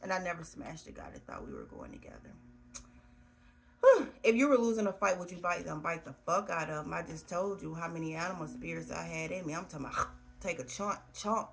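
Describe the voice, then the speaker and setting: A woman's voice: lowish voice, big pitch swings, brisk, gravelly. A woman in her thirties answering question prompts alone on camera, blunt and crude, joking as she goes. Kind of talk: casual solo question-and-answer.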